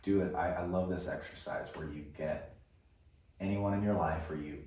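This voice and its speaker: A man's voice: low-pitched, fairly even intonation, moderate pace, darkish tone, heavy reverb, recorded from a distance, slight background noise. A male podcast guest speaking directly to the listener in a casual chat and encouraging them.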